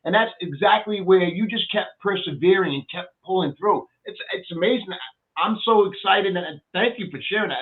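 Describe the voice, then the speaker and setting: A man's voice: high voice, moderate pace. A man hosting an interview, enthusiastic and reacting with repeated exclamations. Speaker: host. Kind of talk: casual interview. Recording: tinny phone-like line.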